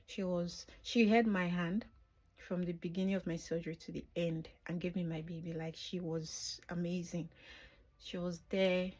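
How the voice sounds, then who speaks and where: A middle-aged woman vlogger tells her own birth story unscripted, her voice lowish and darkish with fairly even intonation at a normal speed. She is emotional throughout and drops to a whisper at the tender moments.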